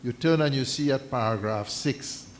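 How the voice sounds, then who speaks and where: A man speaking formally at a community meeting, measured and deliberate, stopping and restarting as he reads out a document. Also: medium pitch, slight background noise. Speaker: mosque community representative addressing a meeting. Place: islamic centre meeting hall.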